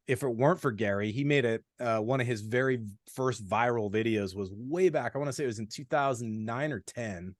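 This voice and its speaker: A man in his forties, a podcast guest, telling stories in a blunt, animated way with plenty of swearing. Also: mid-range voice, no echo, studio quality. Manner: blunt, profane, animated storytelling. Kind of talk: casual storytelling.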